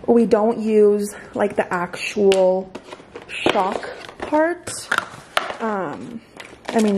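Woman, mom vlogger, out of breath, rambling casual chat, handheld camera at home, faint background hum. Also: medium pitch. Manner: chatty, rambling, lots of fillers.

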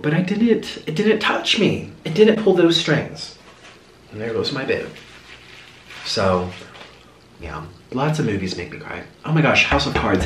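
Chatty man with lively storytelling voice. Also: mid-range voice, recorded from a distance. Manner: chatty, animated, dramatic asides. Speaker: mukbang vlogger. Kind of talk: casual storytelling while eating. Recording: roomy echo, set back from the mic.

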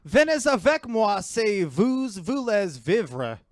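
A man imitating a stiff, slow-talking male movie cyborg, reciting lines in clumsy, deliberate French. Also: high voice, expressive, dry recording, studio quality. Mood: deadpan. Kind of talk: comedic movie-quote impression.

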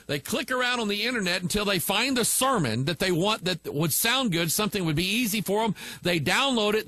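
A man's voice: high-pitched, pushed and bright. A male pastor teaching online, reading viewer messages aloud and answering them bluntly and with emphasis.

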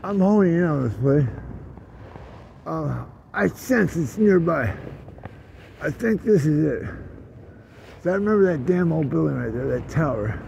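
Older man in his 60s, gravelly, swears a lot and grumbles to himself, street vlog with heavy traffic noise. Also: on the high side, lively intonation, measured pace, long pauses, darkish tone, highs cut off. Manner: profane, grumbling, talks to himself. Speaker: vlogger. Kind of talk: walking vlog, muttered running commentary. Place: outdoors on busy city streets.

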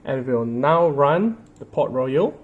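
A man's voice: medium pitch, sing-song, slow pace, narrow, tinny audio, slight background noise. A man casually narrating a graphics card showcase, often starting with "so" and saying "I assume". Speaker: tech reviewer.

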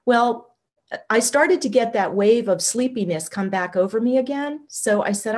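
Animated woman telling a personal story. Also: a little high, moderate pace. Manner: animated, conversational, uses "like" a lot. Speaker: guest, shamanic healer.

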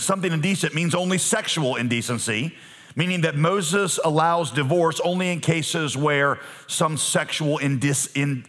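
A middle-aged man preaching a sermon as pastor, animated and humorous, acting out voices from the text. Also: a little high.

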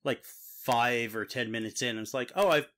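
A man's voice: mid-range voice, flat delivery, moderate pace, pushed and bright. Dry-joking man on a podcast. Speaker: podcast co-host. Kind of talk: casual chat.

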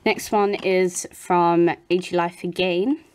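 A woman's voice: lowish voice, steady tone, takes it slowly, slight background noise. A woman with a British accent hosting a doll channel, reading fan messages aloud. She reads hesitantly, stumbles over names and apologises often.

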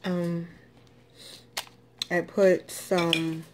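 A woman's voice: fairly low pitch, unhurried, darkish tone, a little hiss or hum. A woman chatting casually in an eating vlog, drawling and chatty with lots of ums, as dishes and cutlery clink behind her. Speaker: food vlogger. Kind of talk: casual mukbang eating chat.

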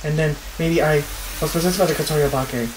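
Shaken young girl, man reading her part, hesitant halting explanation, roomy echo. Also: on the high side, noisy background, close to an everyday voice. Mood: uneasy.

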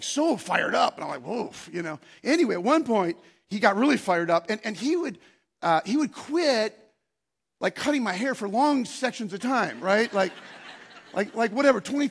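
Pastor, man, high raspy voice with gravel, rambling storyteller who gets loud and excited. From Scandinavian heritage, Norwegian. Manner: rambling, self-deprecating storytelling with many restarts; breaks into loud, excited shouting when acting out scenes. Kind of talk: sermon with personal story.

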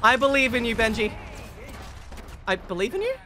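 An Australian man streaming a video game, excitable and playful, often shouting during fights. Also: very high-pitched, normal speed, noisy background. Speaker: gaming streamer. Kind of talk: casual gameplay chat.

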